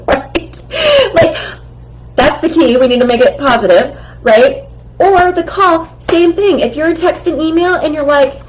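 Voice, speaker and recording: A woman's voice: high-pitched, expressive, takes it slowly, lo-fi sound. A woman hosting a casual talk with communication tips, chatty and laughing often. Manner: chatty, laughs often, keeps asking "right?". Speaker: host.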